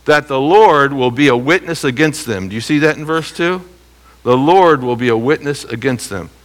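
A man teaching a Bible lesson verse by verse in a lively way, often checking that listeners are following. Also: mid-range voice, moderate pace. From United States. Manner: animated, keeps checking listeners with rhetorical questions.

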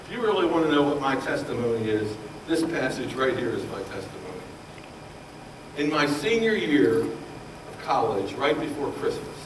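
A man preaching a sermon, telling his own story with passion, his voice rising loud and falling hushed. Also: medium pitch, big pitch swings, normal speed, background noise. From Baltimore, Maryland. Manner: impassioned, swings from loud to hushed. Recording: roomy echo, voice from far off.

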